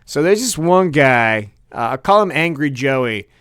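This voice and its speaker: A young male co-host on a comedy podcast rants casually and profanely, laughing and acting out quotes in animated storytelling. His voice is a little high and measured in pace, with a clean, echo-free, studio-quality sound.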